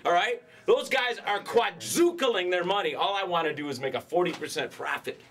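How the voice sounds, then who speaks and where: Man, hard-sell store owner, ranting pitch that jumps between shouts and mutters, slightly higher voice. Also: moderate pace.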